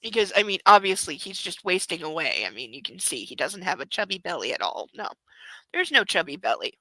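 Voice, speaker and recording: A woman's voice: fairly low pitch, sing-song, brisk, pushed and bright, no echo, poor audio. A woman hosting a book club livestream from home, chatting casually and gushing in baby talk to her dog.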